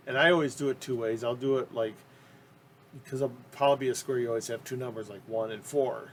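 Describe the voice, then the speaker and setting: Everyday man of middle pitch, chatty collector, rambly and keen, lots of ums, faint background hiss. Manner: rambling, with many ums and restarts; enthusiastic. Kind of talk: casual interview talk.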